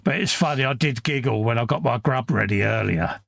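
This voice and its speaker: Gravelly-voiced southern English man chatting. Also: medium pitch, brisk, a bit bright, dry recording, clean studio sound. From England. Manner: chatty, joking banter, reads out viewer comments. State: sniffly. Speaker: co-host of a live model-building stream. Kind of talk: casual chat while building a model kit.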